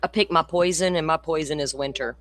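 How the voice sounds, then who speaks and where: A woman's voice: deep voice, a little fast, no echo. An older Florida woman, hosting a casual livestream and chatting with viewers by name, laughing and swearing freely. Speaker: true crime channel host.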